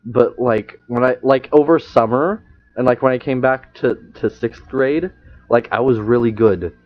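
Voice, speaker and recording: A young man, a podcast guest, telling a story in casual chat, halting with many fillers and restarts. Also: mid-range voice, faint music behind. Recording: muffled lo-fi sound.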